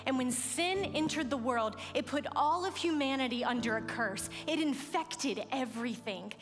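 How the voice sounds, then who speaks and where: A woman's voice: sits high, animated, moderate pace, music in the background. Earnest woman preaching in a big hall. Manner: earnest, emphatic, repeats phrases for effect. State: tearful, moved. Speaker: speaker. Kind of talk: sermon. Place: large event hall. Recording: long hall reverb.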